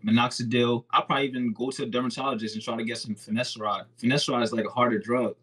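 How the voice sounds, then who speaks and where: Easygoing husky young man. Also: mid-range voice, steady tone, rapid-fire, a bit bright, low-quality recording. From Haiti. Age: 20s. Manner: easygoing, reassuring. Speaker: guest, hair oil maker. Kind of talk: casual chat.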